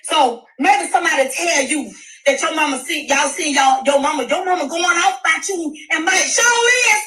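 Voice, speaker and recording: A middle-aged woman in a loud, profane rant on a live stream. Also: very high-pitched, lively intonation, moderate pace, reverberant, low-quality recording. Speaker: livestreamer.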